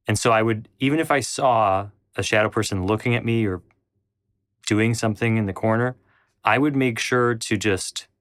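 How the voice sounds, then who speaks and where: Casting note: man with a low voice, recounting his past in a rambling way, dry close recording. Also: fairly bright tone, no room sound. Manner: rambling, with frequent restarts and acted-out quotes. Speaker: channel host. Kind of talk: personal storytelling.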